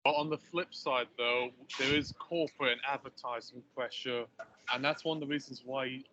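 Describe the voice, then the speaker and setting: A man's voice: mid-range voice, fairly even intonation, normal speed, muffled recording, background noise. A man co-hosting a casual chat, rambling and hedging as he talks. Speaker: podcast co-host.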